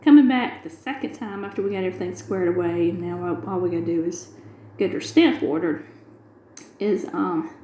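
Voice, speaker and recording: A woman's voice: fairly low pitch, normal speed, mellow, reverberant, slight background noise, rough recording. A middle-aged woman, chatting casually and retelling a long everyday story with quoted dialogue. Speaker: craft video host. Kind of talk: casual chat while diamond painting.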